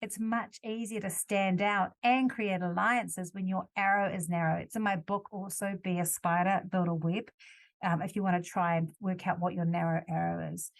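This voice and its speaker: A woman's voice: lowish voice, steady tone, moderate pace, creaky. A woman from New Zealand hosting a solo podcast, talking casually and correcting herself as she goes. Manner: conversational, self-correcting, gives examples. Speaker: podcast host.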